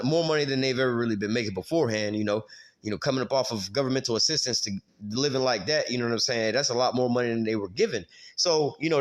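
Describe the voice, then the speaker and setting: Slangy man teaching scripture. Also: mid-range voice. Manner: street slang, frequent filler words, casual cursing. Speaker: Bible teacher.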